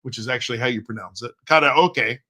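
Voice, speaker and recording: A man's voice: on the high side, animated, moderate pace, a bit bright. A man co-hosting a casual livestream, joking around and rambling in a self-mocking way. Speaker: co-host.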